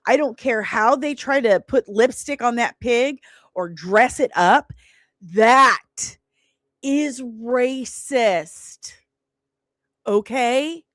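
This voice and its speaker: Speaking at a fairly high pitch and a bit slowly, with no room sound, this salon owner in her forties tells a casual story. Her delivery is indignant and emphatic, hitting words with heavy stress.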